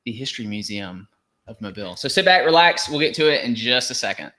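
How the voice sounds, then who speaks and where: Very low-voiced, fast-talking woman podcast host. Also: expressive, pushed and bright. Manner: fast, playful and jokey. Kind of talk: casual chat.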